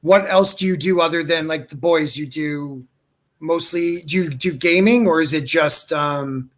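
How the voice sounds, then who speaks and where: A man's voice: fairly high pitch, unhurried. A man hosting a live podcast, chatting loosely and enthusiastically with his guest, calling him dude and brother. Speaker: podcast host. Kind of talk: casual live-stream chat.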